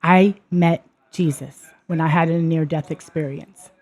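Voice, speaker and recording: A woman's voice: low voice, fairly even intonation, measured pace, a little mellow, lo-fi sound. A woman hosting her own show, telling a personal story in an earnest way that turns emphatic and heated. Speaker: podcast host. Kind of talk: personal testimony monologue.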